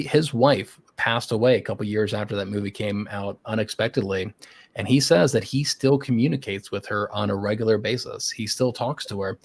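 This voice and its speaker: A man's voice: on the low side, gravelly. A man hosting a podcast, chatting casually and encouragingly, with the occasional swear word. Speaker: podcast host. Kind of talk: casual interview chat.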